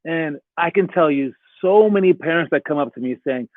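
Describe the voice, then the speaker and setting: A man in the role of a basketball coach gives casual advice straight to his viewers, his voice sitting a little high. He keeps slipping into short acted-out exchanges between players and coaches. The sound is dry and narrow, like a phone line. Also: dry recording. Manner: conversational, acts out quick quoted exchanges. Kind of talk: casual talking-head advice video.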